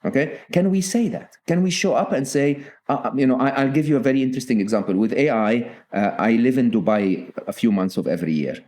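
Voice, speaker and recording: A man's voice: mid-range voice, fast talker, hardly any pauses, darkish tone. A middle-aged man, a guest author on a podcast, talking earnestly and often checking in with "okay?". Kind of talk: podcast interview.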